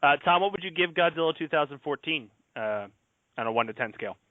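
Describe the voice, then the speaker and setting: A man's voice: fairly high pitch, expressive, fast, no echo. A man hosting a casual podcast chat, often laughing as he asks the others for their ratings. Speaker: podcast host. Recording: tinny phone-like audio, dry.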